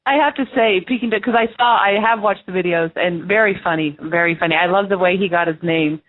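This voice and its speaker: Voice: mid-range voice, fairly quick, dry recording. A radio show host talking in a friendly way to a guest and wrapping up the segment. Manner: friendly, wrapping up and plugging the website. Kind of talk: casual radio interview. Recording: tinny phone-line sound.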